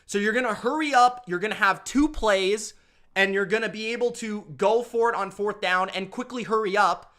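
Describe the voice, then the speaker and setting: A young man ranting in an animated, exasperated way while recapping football games. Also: high voice, moderate pace. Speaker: sports commentator.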